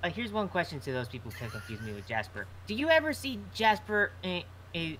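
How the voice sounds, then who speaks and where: Hesitant, stammering man in casual chat, bright edge, faint hiss behind. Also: sits high, huge pitch swings, fairly quick. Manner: hesitant, stammering with repeated fillers. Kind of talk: casual group chat on a stream.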